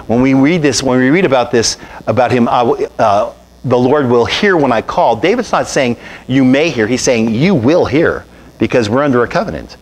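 A pastor preaching a sermon, calling on the congregation to repeat after him and answer. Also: male voice, mid-range voice, lively intonation, normal speed.

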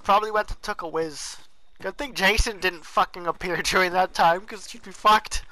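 A man's voice: sits high, normal speed, low-quality recording. A young man chatting casually while playing a video game, swearing often and breaking into outbursts. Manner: swearing, laughing, loud outbursts. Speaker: gamer. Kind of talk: casual gameplay chat.

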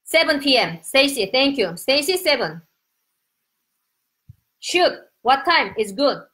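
Excitable middle-aged Korean-accented woman. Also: sits high, slow pace, rough recording. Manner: excitable, chatty, greets viewers by name. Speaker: live-stream host, Korean teacher. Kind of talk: casual live-stream chat. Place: home.

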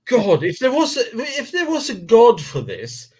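Excitable swearing man, lively pitch. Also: moderate pace, slightly rough. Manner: excitable, swears freely, self-mocking. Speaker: streamer building a model kit. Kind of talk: casual live-stream chat.

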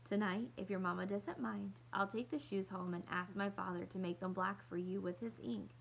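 A woman reading aloud, voicing a kind young girl who speaks in a sophisticated, gentle way. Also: medium pitch, moderate pace, gravelly, slight background noise, lightly acted, low-quality recording. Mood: gracious. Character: poised imaginative ten-year-old girl, gracious and kind.

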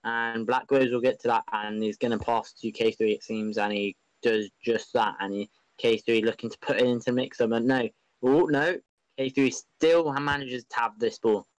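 A man giving excitable, rambling, openly biased live commentary on an online football match. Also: medium pitch, normal speed, dry recording, poor audio.

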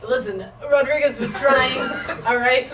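High-voiced woman giggling in improv. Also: fairly even intonation, unhurried. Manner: speaks of herself in third person, giggly. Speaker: improv performer. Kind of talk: improv comedy scene. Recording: echoey theater, distant mic, loud noise.

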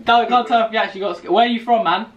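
A man's voice: high voice, fairly even intonation, very fast, fairly bright tone, muffled recording, slight background noise. A young man from England with a London accent, hosting a casual video chat and teasing strangers with mock insults while laughing often. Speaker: YouTuber host.

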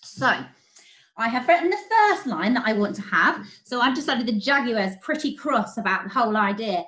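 Lively woman teacher, echoey room. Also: a little high, normal speed. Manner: clear, encouraging, explaining step by step. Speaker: primary school teacher. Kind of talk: online English lesson. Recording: roomy echo.

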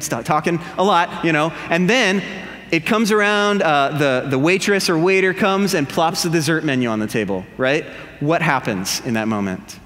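Male pastor, humorous sermon, animated storytelling, fairly high voice, long hall reverb. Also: normal speed. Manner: animated storytelling with jokes and impressions.

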